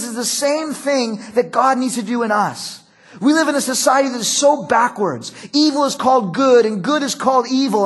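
A man's voice: very high-pitched, breathy edge. A middle-aged male pastor preaching a sermon in a conversational, storytelling way. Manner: conversational, storytelling with acted quotes.

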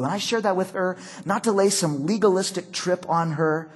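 A man's voice: sits high, fairly quick, few pauses, breathy edge. A middle-aged male pastor preaching a sermon in a conversational, storytelling way. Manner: conversational, storytelling with acted quotes.

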